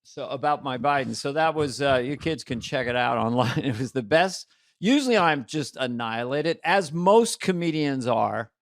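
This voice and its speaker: A man's voice: mid-range voice, lively intonation, normal speed, no room sound. Older guy on a comedy podcast, goofy and laughy, dead dry mic. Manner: playful, laughing, self-deprecating. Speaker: podcast co-host. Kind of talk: casual comedy chat.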